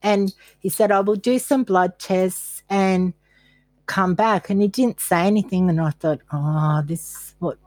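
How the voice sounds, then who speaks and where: A woman's voice: medium pitch, a little slow, darkish tone, dry recording. An older woman from Australia, a podcast guest telling her own story candidly and poking fun at herself as she acts out her past thoughts. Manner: candid, self-mocking, quotes her past self. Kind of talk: personal storytelling in a podcast interview.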